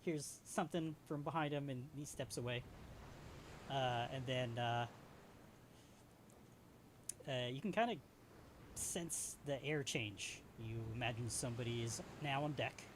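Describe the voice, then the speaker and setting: A man's voice: medium pitch, a little slow, long pauses, background noise. A man narrating as game master in a tabletop game, casual with many fillers. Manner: casual, frequent filler "uh" and "kinda".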